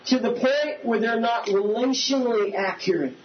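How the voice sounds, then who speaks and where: High-voiced man preaching a sermon. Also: normal speed, hardly any pauses, a loud crowd. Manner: conversational preaching, asks the congregation questions. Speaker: pastor. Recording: slightly dull recording with faint hiss.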